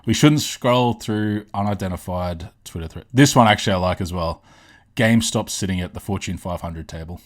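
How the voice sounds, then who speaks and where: A man's voice: low voice, normal speed. A young Australian man casually rambling through meme-reaction commentary at a home streaming setup, laughing and swearing often. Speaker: streamer and host.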